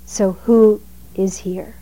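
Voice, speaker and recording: A woman giving a Zen dharma talk in a measured, emphatic way, letting her phrases trail off softly. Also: medium pitch, steady tone, poor audio.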